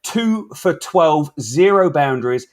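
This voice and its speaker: A man's voice: on the high side, animated, takes it slowly. A man hosting a cricket podcast, talking in an upbeat, matey way with easy banter. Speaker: podcast host. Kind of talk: casual cricket chat.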